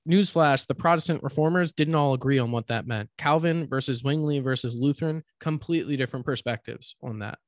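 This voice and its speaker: A man's voice: medium pitch, a little fast, hardly any pauses, no room sound, clean studio sound. A man co-hosting a faith podcast, reflective, building his points with pointed questions. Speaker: podcast co-host. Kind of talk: casual faith podcast chat.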